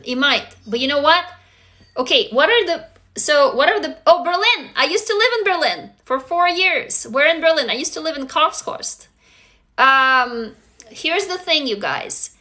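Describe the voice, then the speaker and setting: Woman, live-stream host, bright voice, fairly high, chatty and encouraging. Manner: chatty, encouraging, addresses viewers directly. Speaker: livestream host. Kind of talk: casual live-stream pep talk.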